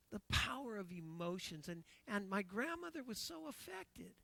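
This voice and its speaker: A man's voice: sits high, very animated, moderate pace, vocal fry, pushed and bright, no room sound. A middle-aged man preaching a sermon, telling an emotional story, repeating phrases and acting out what others said.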